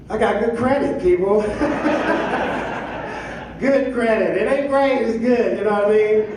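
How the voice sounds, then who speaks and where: On a comedy club stage, a middle-aged man with a high-pitched voice does a live stand-up set, riffing loosely and engaging the crowd. The audio is echoey and far off, with background noise and audience laughter.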